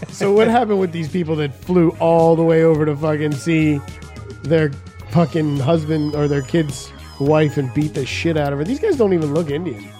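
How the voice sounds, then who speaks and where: A man's voice: on the high side, moderate pace, warm tone, faint music behind. A man from New Jersey, a comedy podcast co-host, teasing and cutting in with crude jokes. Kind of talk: casual comedy podcast banter.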